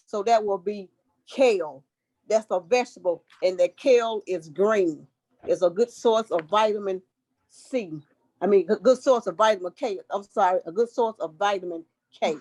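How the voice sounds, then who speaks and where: A woman reading riddles aloud to a book club, slowly and carefully, correcting herself as she goes. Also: medium pitch, darkish tone, low-quality recording.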